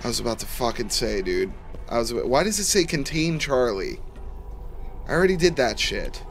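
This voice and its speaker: A man's voice: medium pitch, sing-song, fairly quick, creaky. A young man streaming a game live, talking to his viewers and ranting with heavy swearing. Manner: swears a lot, frustrated rants. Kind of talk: live gameplay commentary.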